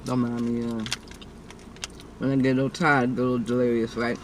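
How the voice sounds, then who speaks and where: A woman's voice: extremely low pitch, little pitch movement, a little fast, background noise. A woman, chatting playfully with viewers about her meal on her eating show. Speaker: mukbang vlogger. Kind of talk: casual eating show chat.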